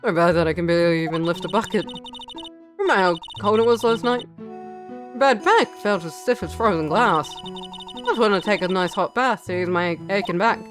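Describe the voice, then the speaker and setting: A woman's voice: mid-range voice, normal speed, lightly acted. A woman voicing an old head nun who frets and rambles about her aching back, over game music. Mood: complaining. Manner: fretful, rambling complaints.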